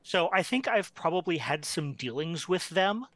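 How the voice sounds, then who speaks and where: A man with a bright, forward voice, pitched a touch high, talking through his character's morning as a tabletop player. The sound is close and dry. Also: animated, normal speed, no room sound.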